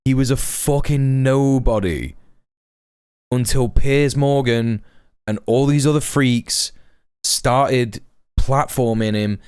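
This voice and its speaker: A man's voice: mid-range voice, slow pace, a little mellow, clean tone, no room sound, studio quality. A young British man streaming a reaction, mocking and exasperated, swearing often. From Britain.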